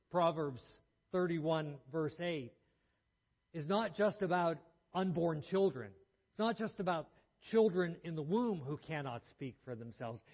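Earnest preacher in a reverberant hall. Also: male voice, fairly high pitch. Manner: earnest storytelling with frequent restarts. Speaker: pastor. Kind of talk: sermon. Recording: muffled sound in a reverberant hall.

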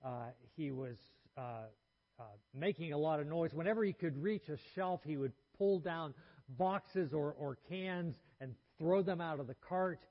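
A man giving a sermon in a measured, earnest way, letting his phrases trail off softly, with small restarts. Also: fairly high pitch, dull audio. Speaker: preacher.

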